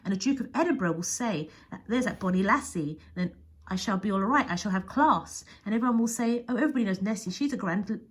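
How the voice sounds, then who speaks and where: A woman's voice: medium pitch, lively intonation, quick pace, breathy edge, voice pushed up. A woman voicing a proud, rude female loch monster who talks in a haughty, self-important way, for a storybook read-aloud. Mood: dreamy.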